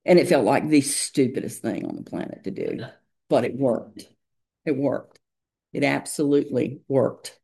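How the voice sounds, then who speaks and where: Gravelly mid-pitched speaker giving a reflective testimony. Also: sing-song, normal speed, dark tone. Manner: reflective, hesitant, with many fillers. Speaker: meeting member sharing. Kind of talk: personal testimony.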